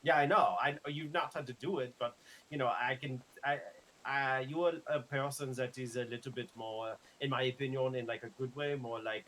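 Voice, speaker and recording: A man voicing an easygoing young French lifeguard and medic, chatting in a thick French accent and stumbling over his R's. He rambles casually and laughs easily, his voice sitting at a middling pitch. A faint hiss runs under the game roleplay stream. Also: fairly even intonation, moderate pace, fairly bright tone, lightly acted, low-quality recording. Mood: friendly. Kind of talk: casual in-character roleplay chat.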